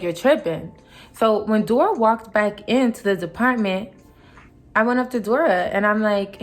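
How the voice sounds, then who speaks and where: A young woman vlogger retelling a workplace clash in a heated, casual storytime, full of asides and mock quotes. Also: mid-range voice.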